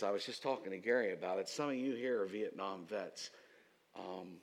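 A man preaching a sermon as pastor, telling stories and rising to loud, emphatic outbursts. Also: lowish voice.

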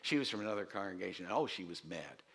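Animated preaching man, lively pitch. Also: breathy edge. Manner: animated preaching, swooping pitch, quick asides; repeats key lines for emphasis. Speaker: pastor. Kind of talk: sermon.

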